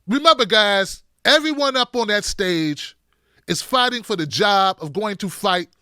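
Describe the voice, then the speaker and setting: High, bright-voiced sarcastic male commentator. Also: a little slow, clean tone, dry recording, studio quality. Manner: animated, sarcastic, emphatic. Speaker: political commentator. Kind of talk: political commentary vlog.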